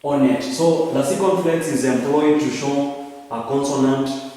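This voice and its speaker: Guy teaching french real slow, says things twice, fixes himself a lot, sounds far off in a big echoey room. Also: medium pitch, dark tone. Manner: slow, repeats words and corrects himself. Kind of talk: classroom lecture.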